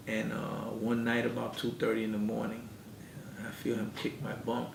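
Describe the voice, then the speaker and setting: Gravelly man telling his story. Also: completely flat delivery, normal speed. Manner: earnest storyteller who acts out quoted dialogue. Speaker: interview guest. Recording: echoey room, mic at a distance, background rumble.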